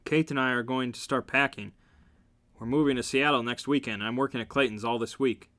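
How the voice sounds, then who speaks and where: Shy flustered young woman read by a guy, quiet and soft, bright voice. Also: mid-range voice, steady tone, brisk, lightly acted. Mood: plain.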